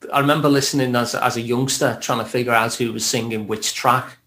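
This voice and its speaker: Man, Scouse accent, mid-pitched voice, reflective, casual podcast guest. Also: steady tone, a little fast, pushed and bright. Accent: Liverpool (Scouse). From Liverpool, England. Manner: reflective, laughs lightly as he talks.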